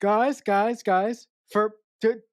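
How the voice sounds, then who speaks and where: Playful, excitable man podcast co-host. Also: high-pitched, slow, no echo, studio quality. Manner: enthusiastic, playful, laughs along. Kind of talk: casual chat.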